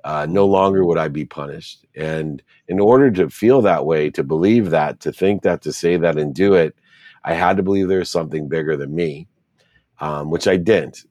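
A man's voice: deep voice, normal speed, darkish tone, no echo. A middle-aged man, an interview guest, telling his life story in an earnest, reflective way and stacking repeated phrases.

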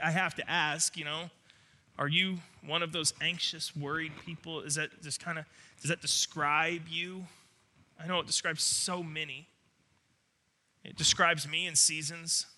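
A man's voice: on the high side, pushed and bright. A man preaching a sermon, earnest and emphatic, often restarting his words. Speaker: pastor.

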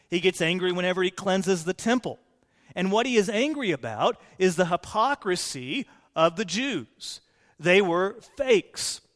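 A male pastor preaches a sermon, earnestly explaining scripture verse by verse. His voice is high and fairly bright, with long hall reverb in the recording.

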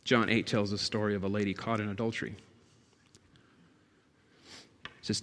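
A man preaching a sermon in a church, emphatic and building to loud, passionate peaks. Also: fairly low pitch, little pitch movement, moderate pace, pauses often. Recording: long hall reverb.

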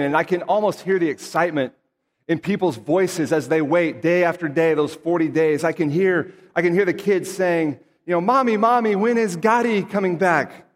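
A man's voice: a little high, in a large hall. A man reading scripture aloud and then preaching in an earnest, conversational way with emphatic asides. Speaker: pastor.

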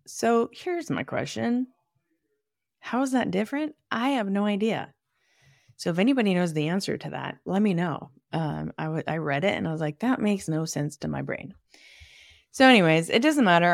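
A woman's voice: lowish voice, dry recording, studio quality. A woman hosting a podcast, explaining anatomy in a chatty, thinking-aloud way with asides. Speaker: podcast host and manual therapist. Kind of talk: casual educational monologue.

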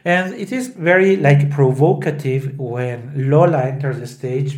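A man's voice: mid-range voice, a little slow, a little mellow. A man hosting a show on opera, retelling a scene in a loose, informal way with many fillers. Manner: loose, with many fillers, quoting lines in Italian and English. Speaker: podcast host explaining an opera. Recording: roomy echo.

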